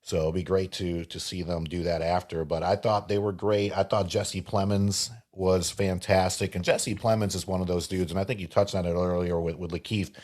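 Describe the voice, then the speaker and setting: A man with a very low voice talks casually on a podcast. He laughs easily, swears now and then, and keeps the chat relaxed. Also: normal speed, few pauses. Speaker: podcast co-host.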